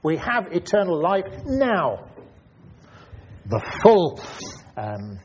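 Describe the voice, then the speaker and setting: A man's voice: high voice, wildly swooping pitch, drawn-out words, slightly rough. A man preaching a Bible study sermon, thinking aloud and asking questions, often repeating his words.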